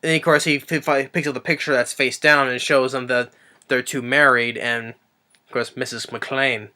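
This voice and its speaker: A man's voice: steady tone, normal speed, bright, forceful tone, clear, resonant tone. A man reviewing a movie off the cuff, rambling with lots of fillers and restarts. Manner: briefly acts out quotes in a higher voice.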